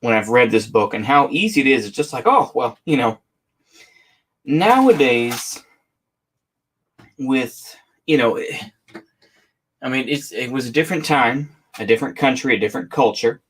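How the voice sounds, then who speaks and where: A man reading a memoir aloud in a relaxed, halting way, pausing to fix his misreadings and add casual asides. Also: medium pitch. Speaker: audiobook reader.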